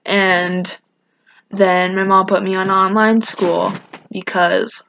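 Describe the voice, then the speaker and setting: This teenage girl's vlog storytime rant is delivered slowly in a medium-pitched, level, creaky voice that's a bit bright, though the audio is dull with a little hiss or hum. She rambles casually, restarts often, and acts out others' words in raised voices.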